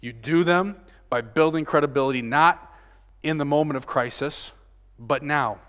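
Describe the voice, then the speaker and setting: A man with a fairly high voice preaching a sermon, his words ringing with the long reverb of a church sanctuary. He swings from loud, emphatic peaks down to hushed, almost murmured lines, and keeps tossing in "right?" to pull his listeners along. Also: normal speed. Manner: frequent rhetorical "right?" tag questions. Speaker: pastor.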